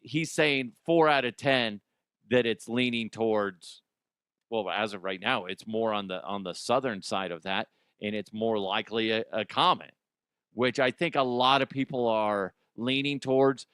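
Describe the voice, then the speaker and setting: A man's voice: lowish voice, a little slow, a bit bright, clear, resonant tone, no room sound, clean studio sound. A man hosting comedic news commentary, rambling, jokey and profane. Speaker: host.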